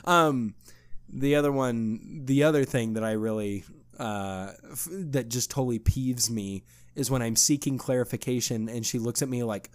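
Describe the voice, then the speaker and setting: A young man co-hosting a podcast, chatting casually and telling family stories, often mimicking other people in a higher voice and laughing. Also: moderate pace. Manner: animated, laughing storyteller, mimics others in a high voice. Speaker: podcast co-host. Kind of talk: casual chat.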